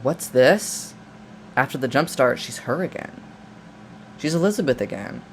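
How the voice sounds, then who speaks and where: A man talking casually through a film plot, rambling and joking with many restarts and asides. His voice sits at a middling pitch. A faint air-conditioner hum runs underneath. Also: animated, unhurried. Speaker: video essayist. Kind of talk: casual film recap and commentary.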